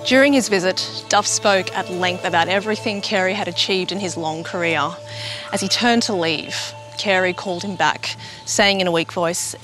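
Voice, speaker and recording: A woman giving scripted documentary narration in a clear, explanatory way. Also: lowish voice, normal speed. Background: music.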